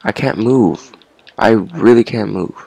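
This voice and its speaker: A man's voice: fairly low pitch, takes it slowly, creaky, mellow, slightly rough, no echo. A young man giving casual commentary on his first game session, repeating himself, swearing at enemies and laughing. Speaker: gamer.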